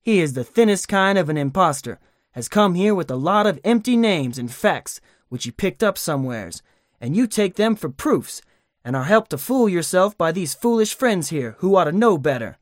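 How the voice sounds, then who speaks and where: A stern older doctor scolds and warns with forceful earnestness, as a male reader plays him. The voice sits a touch high. The recording is dry and close-miked. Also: expressive, moderate pace, no echo. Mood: indignant. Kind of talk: audiobook character voice.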